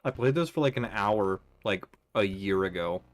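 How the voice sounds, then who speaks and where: A young man chats on a live stream, rambling between chat messages with plenty of fillers. His voice is on the low side and recorded close and dry at a desk mic. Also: expressive, moderate pace, dry recording. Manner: rambling, filler-heavy, reads chat aloud.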